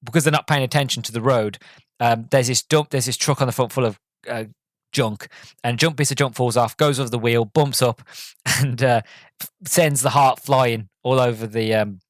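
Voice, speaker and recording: A man's voice: mid-range voice, steady tone, normal speed, dry recording. A man hosting a podcast, giving a casual, enthusiastic movie review full of fillers and restarts. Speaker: podcast host.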